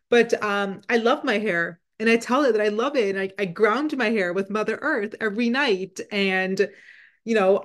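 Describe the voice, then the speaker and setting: Chatty woman telling a story. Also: mid-range voice. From Indian heritage. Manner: chatty, retells conversations with many fillers. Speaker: spiritual channel. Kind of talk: casual storytelling monologue.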